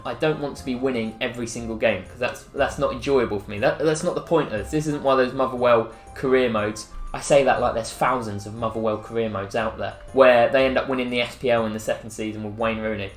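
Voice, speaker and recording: An English man talks through a football video game in a chatty, self-mocking way, quick to get excited. His mid-pitched voice rings in an echoey room. Faint music plays under him. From England. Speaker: gaming YouTuber. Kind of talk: casual gameplay commentary.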